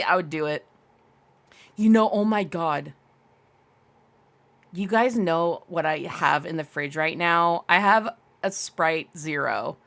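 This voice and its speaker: A woman's voice: fairly low pitch, a bit bright. A young adult woman live-streaming, chatting casually with her viewers in a giggly, rambling way and answering chat aloud.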